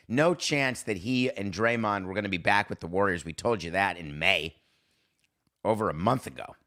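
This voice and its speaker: A sports podcast host talking in a fairly low male voice. He rants with sarcasm and heat, and his delivery stays animated and opinionated throughout. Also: normal speed.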